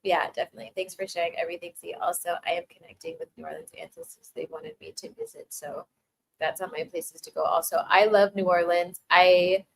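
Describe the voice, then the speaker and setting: A woman's voice: fairly low pitch, sing-song, a little fast, vocal fry, slight background noise, rough recording. A woman hosting a casual live Q&A, laughing often and thanking viewers as she reads their messages, with many restarts and filler words. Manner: warmly thanks viewers reading chat. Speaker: livestream host answering chat. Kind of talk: casual chat.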